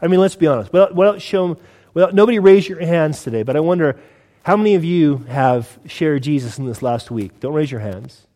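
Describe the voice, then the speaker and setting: An American man preaches a sermon in a somewhat high voice, talking to the congregation in a casual, conversational way. He poses rhetorical questions and often repeats words as he goes. A long church-hall reverb trails after every phrase. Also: lively intonation, a little fast, mellow. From United States. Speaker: pastor.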